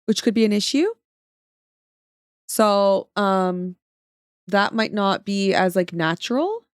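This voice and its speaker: A woman's voice: medium pitch, animated, takes it slowly, smooth, no room sound, studio quality. Chatty, playful woman streamer. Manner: chatty, playful, mock-dramatic. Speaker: streamer and artist. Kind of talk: casual livestream chat.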